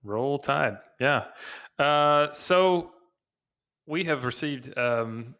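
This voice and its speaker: A man's voice: medium pitch, extremely slow, bright, forceful tone, clean tone. A man co-hosting a podcast, chatting casually in an upbeat way with many fillers over a video call. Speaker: podcast co-host.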